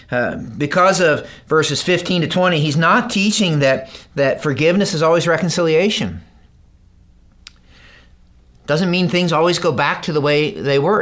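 Man preaching with dramatic swings. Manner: dramatic, swings between loud emphasis and hushed low delivery; acts out the parable's characters in raised voices. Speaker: pastor. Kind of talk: sermon.

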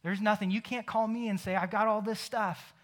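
A young man preaching a sermon, animated and emphatic, acting out imagined conversations. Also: sits high, brisk. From Ohio. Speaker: pastor.

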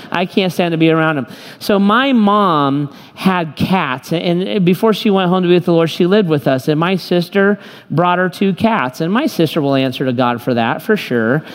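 Humorous male pastor in reverberant hall. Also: high-pitched. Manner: humorous, emphatic storytelling preacher. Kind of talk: sermon.

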